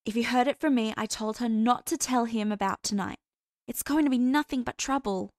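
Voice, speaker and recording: Woman putting on a bubbly college girl, high and loud, playful, sing-song, dry audiobook sound. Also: a little fast, no echo, lightly acted. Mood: gossipy.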